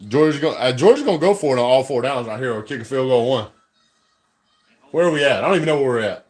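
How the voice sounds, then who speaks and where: A man hosting a live fan reaction stream, excitable and trash-talking, speaking into a phone held at arm's length. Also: medium pitch, fast talker. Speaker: fan livestream host.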